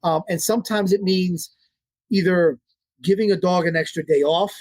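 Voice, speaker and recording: A man's voice: high-pitched, fairly even intonation, normal speed, darkish tone, no room sound. A man, a dog trainer, talking casually and bluntly as an interview guest, swearing and repeating his points.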